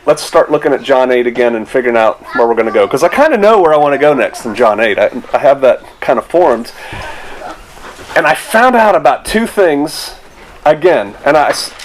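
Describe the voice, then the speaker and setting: Middle-aged male pastor, slightly high voice, casual rambling sermon style. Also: slight background noise, poor audio. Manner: conversational, rambling, rhetorical asides.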